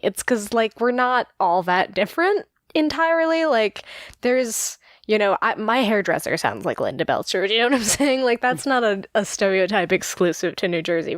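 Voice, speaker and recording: A woman's voice: medium pitch, dry recording, studio quality. A young woman from New York co-hosting a casual podcast, chatty and laughing often, with lots of filler words. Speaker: podcast co-host. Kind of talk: casual chat.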